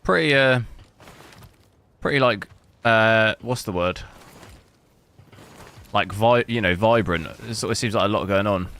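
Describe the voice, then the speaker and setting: A man's voice: fairly low pitch, a little slow, pauses often, a bit bright. A young man from the south coast of England with a southern English accent, chatting casually with his stream chat while playing a game. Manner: chatty, answers chat with jokey asides. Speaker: gaming streamer. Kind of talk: casual live gameplay commentary.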